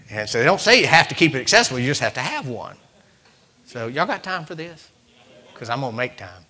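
A man's voice: medium pitch, sing-song, a little fast, pushed and bright. A man, preaching by telling a folksy story with rising fervor. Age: 60s. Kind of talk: storytelling sermon.

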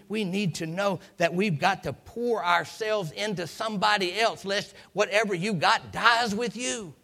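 A man preaching with a sharp, forceful tone and a gravelly edge. His pitch sits a little high for a man. He tells the story with emphatic, rising delivery and calls out hallelujah again and again. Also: a little slow. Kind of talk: sermon.

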